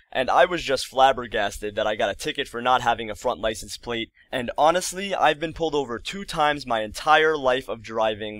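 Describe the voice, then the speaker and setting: A man's voice: medium pitch, fairly bright tone, no room sound. Exasperated young man telling a story. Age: early 20s. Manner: exasperated, rambling retelling with quick asides. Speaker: vlogger. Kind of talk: casual storytelling to camera.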